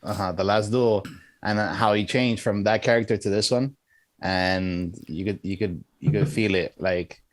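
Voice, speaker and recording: A man's voice: on the low side, steady tone, moderate pace. A man co-hosting a casual movie review podcast, talking in a hesitant way with many restarts. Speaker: podcast co-host.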